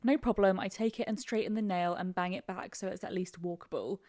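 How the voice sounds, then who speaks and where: A woman's voice: mid-range voice, no echo. Dry-voiced woman podcast co-host. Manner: relaxed storytelling, quick to laugh. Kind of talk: casual chat.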